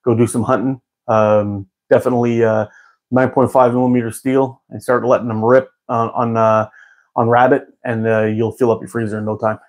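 A man's voice: mid-range voice, flat delivery, normal speed. A man hosting a live stream, chatting casually with viewers in a rambling way and laughing often. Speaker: live-stream host answering chat.

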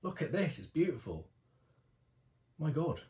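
A man's voice: fairly high pitch, very animated, unhurried, mellow, roomy sound. Gushing young British man reacting. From Britain. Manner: overwhelmed, gushing and exclaiming, swearing. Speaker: music video reactor. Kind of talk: reaction video commentary.

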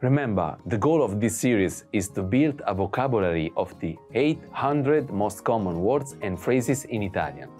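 An upbeat announcer voice reads a scripted promotional outro. Soft music plays quietly underneath as the pitch stays mid-range. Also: lively intonation, moderate pace, few pauses. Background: faint music.

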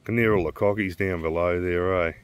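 A man's voice: sits low, steady tone, fairly quick, slight background noise. An Australian man vlogging outdoors in the bush with casual, enthusiastic commentary on wildlife and views. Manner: enthusiastic, keeps calling things mad and magic. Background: guitar music.

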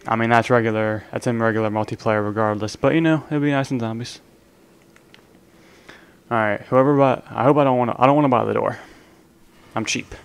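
A man's voice: medium pitch, fairly quick, vocal fry, long pauses, clean tone. Joking young man narrating live gameplay. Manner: casual, joking banter at other players. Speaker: gaming channel host. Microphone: desk microphone, leaning in to be heard.

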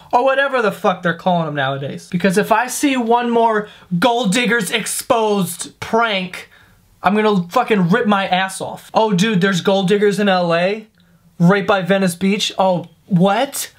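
A man's voice: high-pitched, fairly bright tone. A young man doing a comedic vlog rant, sarcastic and profane, sounding fed up as he talks to camera. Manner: profane, sarcastic, exasperated ranting. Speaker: comedy vlogger.

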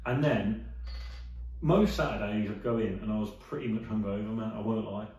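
A man's voice: lowish voice, normal speed, a little mellow, highs cut off. A young man hosting a casual podcast, swearing freely and telling stories, acting out the people he quotes. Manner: swearing, storytelling, doing voices of people he quotes. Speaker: podcast host. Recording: very echoey room, mic at a distance.

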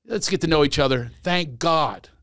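A man's voice: fairly high pitch, normal speed, fairly bright tone, dry recording, studio quality. A man hosting a comedy podcast, chatting casually, telling playful stories and breaking into bits of song. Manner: sings snatches of songs, playful storyteller. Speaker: podcast host.

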